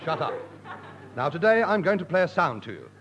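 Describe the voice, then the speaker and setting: A man performing deadpan radio sketch comedy in a mock-lecturing manner. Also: fairly high pitch, brisk, slightly rough.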